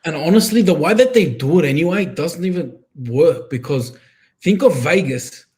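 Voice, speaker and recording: A man's voice: on the high side, lively intonation, moderate pace, a little mellow. A young Australian man co-hosting a sports podcast, chatting in an easygoing, joking way. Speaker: podcast co-host. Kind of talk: casual chat.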